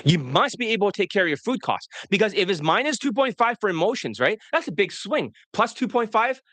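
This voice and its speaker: A man's voice: high-pitched, very animated, fairly quick, pushed and bright, dry recording. A man coaching on dating straight to the camera, blunt and profane, addressing his viewers directly.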